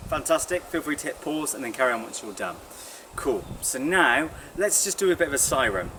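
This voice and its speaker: Relaxed man leading a vocal warm-up. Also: medium pitch. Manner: encouraging, relaxed and chatty. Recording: distant mic with audible noise.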